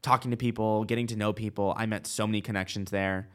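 Chatty young man with a low voice. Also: steady tone, fast, fairly bright tone. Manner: chatty, lots of "like" and quoted dialogue. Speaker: guest. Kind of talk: casual storytelling chat.

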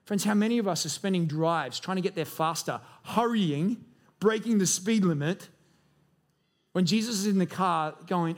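A young man preaching a sermon as pastor, animated, often acting out quick voices in his stories. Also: high voice. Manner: animated, acts out voices in quotes.

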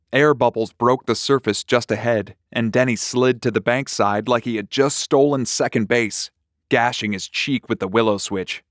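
A man narrating a short story in a slow, measured, deliberate reading. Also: medium pitch, no echo, clean studio sound.

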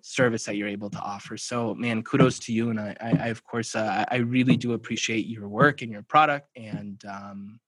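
Lively man telling a story on a podcast. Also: lowish voice, fairly quick, hardly any pauses, breathy edge, dry recording. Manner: animated storyteller who acts out dialogue. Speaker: podcast guest, children's book publisher. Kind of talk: casual podcast conversation.

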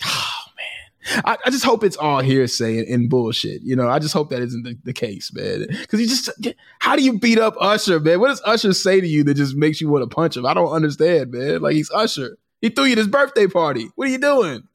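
Podcast co-host: earnest man, slightly high, lively voice, rambling casual delivery. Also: fairly quick. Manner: earnest, rambling, with many fillers.

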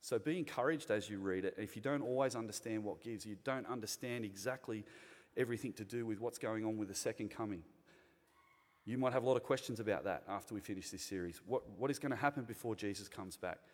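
A man with an Australian accent preaching a sermon to a congregation, chatty and direct, asking them questions and rising to loud, emphatic points. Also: on the low side, fast. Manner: conversational, interacts with the congregation, builds to loud emphatic bursts. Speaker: pastor. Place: church hall. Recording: long reverb of a large hall.

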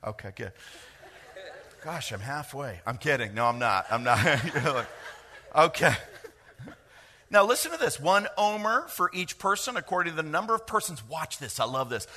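A middle-aged man preaching a sermon, lively and joking, with quick asides to the congregation. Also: on the high side, a little hiss or hum. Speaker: pastor.

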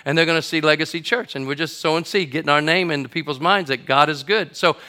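Middle-aged pastor guy preaching, pretty high voice, tells a story and gets loud at the big moments. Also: fast talker. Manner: lively storyteller, builds to shouting at the climaxes. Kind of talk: sermon with a comic story. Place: church auditorium before a congregation.

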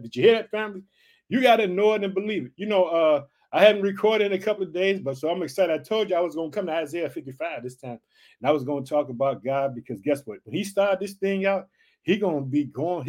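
Male podcast preacher, forties, high-pitched and fervent, repetitive exhortations. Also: darkish tone. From United States. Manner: fervent, repetitive calls of hallelujah and family.

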